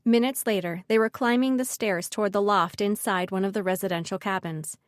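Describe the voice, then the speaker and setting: A woman narrating a fantasy audiobook in an even, measured reading. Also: mid-range voice, dry recording, clean studio sound.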